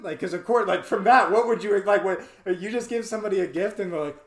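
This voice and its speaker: Animated laughing male storyteller, echoey room. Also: sits high, brisk, hardly any pauses. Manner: animated storyteller, laughs often, acts out quoted lines. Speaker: podcast co-host. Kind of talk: casual storytelling chat.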